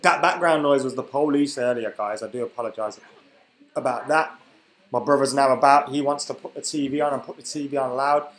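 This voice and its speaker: A young man hosts a football live stream from a room at home, chatting casually and reading out viewer comments while he has the hiccups. His mid-range voice is brisk, and the audio is poor and reverberant.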